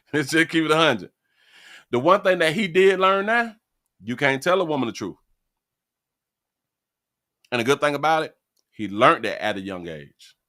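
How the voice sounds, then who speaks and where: Male stream host, rant commentary; raised pitch, swoops wildly, bursts into shouts. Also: unhurried, pauses often. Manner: animated, jumps into loud high outbursts and shouts; laughs often, repeats words, profane. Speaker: live-stream show host.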